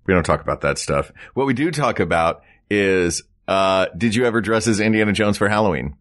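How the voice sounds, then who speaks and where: Low, lively teasing male podcast host. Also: a little fast. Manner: dry teasing wit, playful jabs. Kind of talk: casual comedic chat.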